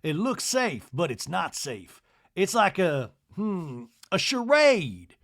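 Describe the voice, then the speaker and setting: A man playing a quirky, overeager man with theatrical, musing, drawn-out speech. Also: sits high, very animated, a bit bright, full character voice.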